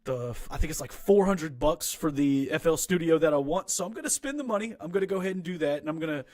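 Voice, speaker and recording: A man's voice: on the high side, lively intonation, fast talker, darkish tone. A young man talking casually from his small home recording room, critiquing his own rap track in a rambling, frank, self-deprecating way with many restarts.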